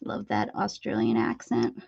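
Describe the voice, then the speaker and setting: A woman's voice: a little slow, darkish tone, muffled recording. A woman hosting a casual live crafting stream, chatty and bubbly, greeting viewers and laughing. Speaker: craft video host.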